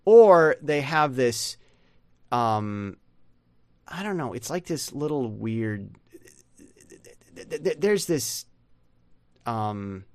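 A man giving a casual pronunciation lesson, rambling and sounding out words slowly. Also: mid-range voice, big pitch swings, no echo. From United States. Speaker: pronunciation teacher.

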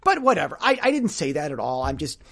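A man's voice: fairly high pitch, sing-song, fast talker, creaky, fairly bright tone. A man hosting a solo podcast, telling a rambling story with sarcasm and lots of stammered restarts. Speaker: podcast host.

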